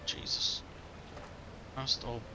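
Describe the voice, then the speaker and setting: A man's voice: extremely slow, music in the background. A man casually commentating his own game playthrough, offhand and sweary. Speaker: gaming streamer.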